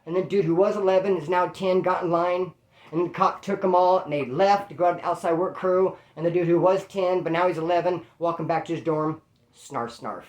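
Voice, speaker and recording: A man's voice: sits high, a little fast, echoey room. A man casually telling a story in slangy street talk, acting out the voices of the people in it. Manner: slangy, animated, acts out quoted voices. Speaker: storyteller recounting prison life.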